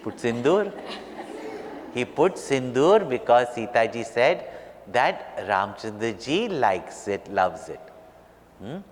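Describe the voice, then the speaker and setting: A man, a spiritual teacher, telling a story to children in an animated way and questioning them. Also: mid-range voice, takes it slowly, long pauses. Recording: reverberant hall, faint noise.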